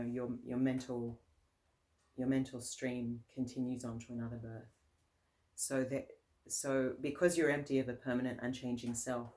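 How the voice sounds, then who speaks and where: Buddhist nun giving a relaxed dharma talk. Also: female voice, extremely low pitch. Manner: casual, laughs often, many fillers and restarts.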